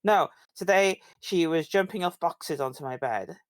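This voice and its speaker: A woman's voice: lowish voice, moderate pace, dry recording. A woman player in a casual chat, giggly and rambling.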